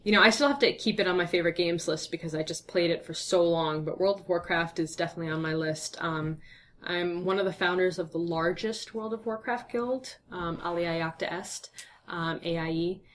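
A woman's voice: on the low side, fairly even intonation, brisk, a bit bright, slight background noise. A young woman answering interview questions in a chatty, upbeat way with lots of fillers, her voice tired and a bit slurred from talking all day. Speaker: guest.

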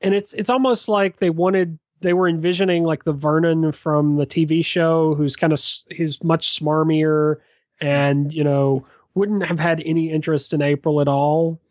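A man's voice: fairly high pitch, steady tone, normal speed, a little mellow, dry recording. A man co-hosting a casual podcast chat, making dry, sarcastic points padded with fillers. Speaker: podcast co-host.

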